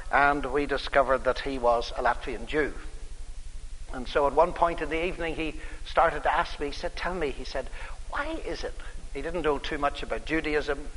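A man's voice: fairly high pitch, a bit bright. A man preaching, telling an anecdote and acting out the conversation in his story. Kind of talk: sermon with anecdotes. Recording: long hall reverb.

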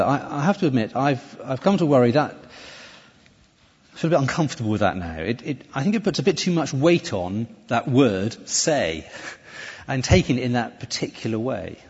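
A man preaches in a church with a husky, animated voice that swings widely in pitch. His talk is conversational, with many restarts. The sound is dull and carries a long reverb from the hall. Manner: lively, conversational preaching with self-corrections. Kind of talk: sermon.

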